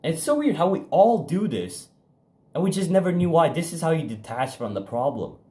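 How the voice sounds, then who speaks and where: A young man speaks in a fairly high, sing-song, warm voice while giving a casual motivational talk to the camera as a self-improvement vlogger. He's frank and profane, rambles with restarts and fillers, and emphasizes points by speeding up and slowing down.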